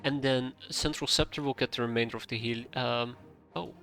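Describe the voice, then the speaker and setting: A man streaming a strategy game live, chatting casually to himself as he plays, with quick asides. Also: mid-range voice, steady tone, a bit bright. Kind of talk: casual live gameplay commentary. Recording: faint game music behind.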